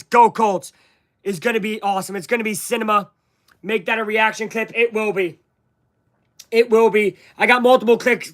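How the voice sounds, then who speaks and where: A young man calling a football game live for his viewers as an excited fan, talking straight to his audience. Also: high voice. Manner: hyped, talks straight to viewers. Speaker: fan streamer doing live play-by-play.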